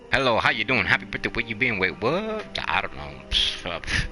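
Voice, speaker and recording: A man casually chatting while playing a video game, rambling and encouraging, with lots of fillers. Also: on the low side. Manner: rambling, motivational, many fillers. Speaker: gaming channel host.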